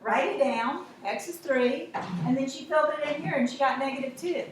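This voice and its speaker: Lady teacher, slightly high voice, talks through the math step by step, keeps asking y'all follow?. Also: fast talker, slight background noise. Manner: explains step by step, checks in with students. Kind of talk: classroom lesson.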